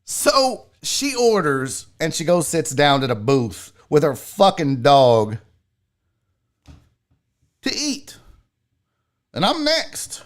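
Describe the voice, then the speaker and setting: On his own sports show, a man with a slightly high voice tells a comic story as a profane, sarcastic rant. He speaks slowly and pauses often, staying animated and swearing as he goes.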